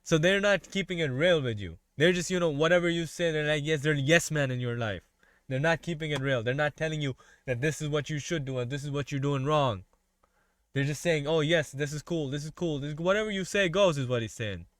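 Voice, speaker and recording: A man's voice: on the high side, fairly quick, fairly bright tone, no room sound. A man hosting a music reaction, casually breaking down lyrics in loose, run-on asides.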